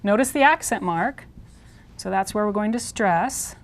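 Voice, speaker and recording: A woman teaching a language lesson, patiently repeating words slowly and clearly, writing on a board as she goes. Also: medium pitch, animated, a little hiss or hum. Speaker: Spanish teacher. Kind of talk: classroom pronunciation lesson.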